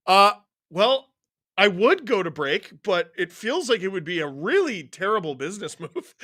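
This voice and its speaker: A man hosting a live watchalong stream, excitedly reading out viewer names and swearing freely. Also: high-pitched, normal speed, no room sound, clean studio sound.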